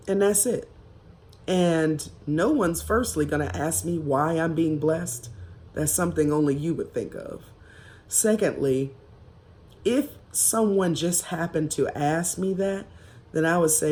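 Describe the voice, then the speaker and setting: A woman vlogger telling a personal story in a casual, emphatic and reflective way, with drawn-out pauses. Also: sits low, a little mellow.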